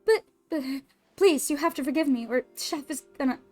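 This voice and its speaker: A woman's voice: high voice, moderate pace, darkish tone, soft background music, natural voice. A woman voicing a timid, panicky young waitress who apologizes frantically. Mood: pleading.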